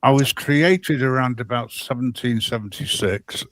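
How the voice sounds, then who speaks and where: A man's voice: medium pitch, measured pace, fairly bright tone, no room sound. A man from the Wirral with a Wirral English accent, chatting casually on a stream with a wry, self-deprecating manner. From England, the Wirral. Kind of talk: casual chat.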